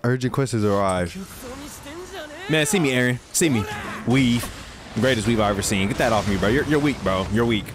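A young man streaming his live reaction to an anime, talking in slang and jumping from low mutters to sudden excited yelps. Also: normal speed, noisy background.

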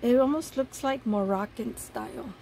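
A woman casually commenting as she unboxes craft gifts, softly gushing over each piece. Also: a little high, moderate pace, a little hiss or hum, low-quality recording. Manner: gushing, soft-spoken, admiring each item. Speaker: paper craft vlogger.

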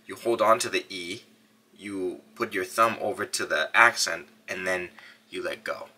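Bright-voiced upbeat male tech vlogger. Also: sits low, unhurried. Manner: upbeat and energetic; talking while demonstrating on a phone. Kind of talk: casual tutorial.

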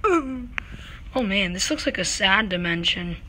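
A woman voicing an excitable teddy bear in a homemade comic video, rambling and goofy, with whoops and lots of fillers. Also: mid-range voice, slow, a little hiss or hum. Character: excitable teddy bear hopping between dimensions.

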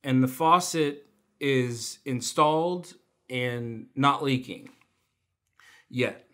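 He draws out his words in a medium-pitched, slightly bright voice. The speaker is a young adult man volunteering at an online church service, sharing his testimony through self-deprecating stories and laughter.

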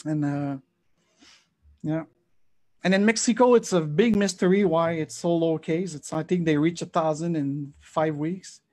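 Animated man on a video call. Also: on the high side, a little slow. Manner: animated, mixes French phrases into English. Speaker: podcast host. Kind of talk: casual video call chat.

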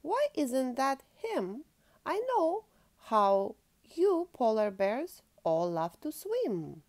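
A woman reading aloud and voicing a wobbly, well-meaning walrus that speaks in a loud, knowing way. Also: sits high, wildly swooping pitch, extremely slow, no room sound, pitched above the performer's own voice, exaggerated voice.

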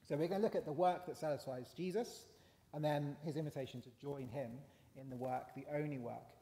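A man's voice: fairly high pitch, fairly quick, mellow. A man preaching a conversational sermon, with fillers and rising emphasis. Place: church. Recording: long church hall reverb.

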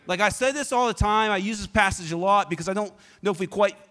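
Energetic man preaching in a reverberant church. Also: high voice, quick pace. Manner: energetic, conversational, prompts the congregation to respond. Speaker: pastor. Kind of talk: sermon with personal storytelling.

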